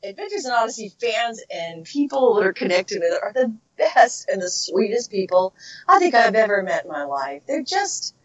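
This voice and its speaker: Middle-aged woman, voice actress guest; chatty, laughs a lot, mid-range pitch, dull lo-fi recording. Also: big pitch swings, normal speed. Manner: chatty, laughs often, searches for words. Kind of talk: casual interview chat.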